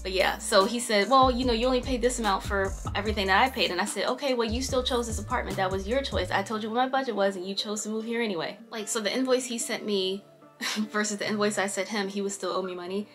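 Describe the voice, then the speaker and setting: A woman's voice: medium pitch, fairly even intonation, fast talker, fairly bright tone, faint music behind. A woman vlogger telling a personal story in casual chat, talking freely, laughing often and acting out what people said. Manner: chatty, laughs often, voices quoted people.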